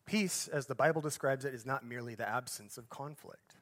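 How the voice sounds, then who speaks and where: A man preaches in a middle-pitched voice, starting each thought with lift and force, then letting it sink to a quiet, hushed close. He keeps a conversational touch, tossing in asides and correcting himself as he goes. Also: brisk. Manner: phrases swell louder then drop off to a soft, hushed finish. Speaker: pastor. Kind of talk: sermon.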